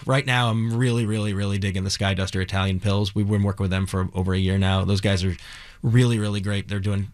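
A man from Cleveland who owns a bar, talking earnestly and quickly as a guest in a radio studio, often restarting his sentences. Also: lowish voice, fairly even intonation, darkish tone. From Cleveland, Ohio. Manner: earnest, fast, with many restarts. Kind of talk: casual interview.

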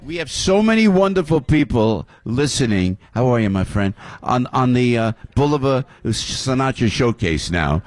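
An older man hosting a live radio show from a venue, boisterously working the crowd and greeting audience members. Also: medium pitch. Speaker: radio host.

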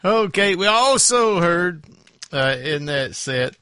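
A man hosting a radio show and introducing the clips in a slow, amused way. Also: high-pitched, expressive, bright, forceful tone, clean tone, no room sound, clean studio sound. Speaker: radio host. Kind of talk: casual radio chat.

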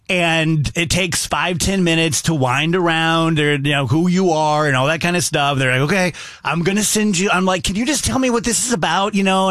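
Male host, 50s, casual storyteller, slightly high pitch, dry close mic. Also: no echo. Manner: animated, acts out both sides of a phone call. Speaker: radio show host.

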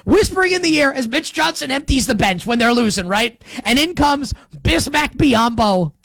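A man's voice: expressive, moderate pace, gravelly, fairly bright tone, no room sound. Sarcastic, emphatic male sports talk host. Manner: sarcastic, emphatic, with big swings in pitch and pace. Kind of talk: opinionated sports commentary.

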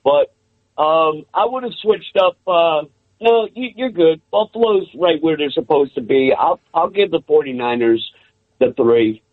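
Excited high-voiced caller on a phone line. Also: male voice, dry recording. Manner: excited, laughing, talks in quick bursts. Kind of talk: call-in talk.

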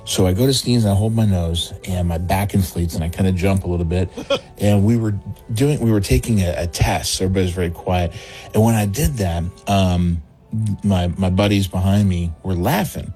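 Low-voiced man telling a story. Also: moderate pace, faint music behind. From Texas, USA. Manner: animated, laughing through his own story, acting out quoted voices. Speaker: comedian calling in to a radio show. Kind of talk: storytelling on a phone call. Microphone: phone call.

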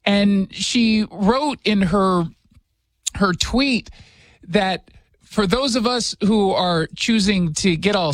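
Male radio host, sarcastic and joking, high-pitched, close dry mic. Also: dry recording. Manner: sarcastic, joking, quick asides. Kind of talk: casual commentary chat. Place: radio studio.

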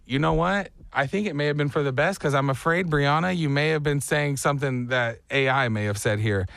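A male morning radio host spins exaggerated, animated stories full of playful mock outrage in casual banter. His voice is a little high, brisk and creaky, recorded dry on a studio microphone.

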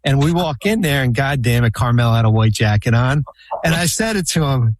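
A man of middle pitch spins long, meandering stories in casual chat, circling back and restarting as he goes. The sound is close and dry, with no room around it. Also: animated, fairly quick, dry recording. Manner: rambling anecdotes full of restarts and fillers. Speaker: podcast guest, former basketball team executive.

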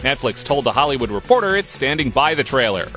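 A man reading a short tech news segment in a crisp newsreader delivery. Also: mid-range voice, sing-song, quick pace, fairly bright tone, soft background music. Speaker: news anchor. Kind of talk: scripted news read.

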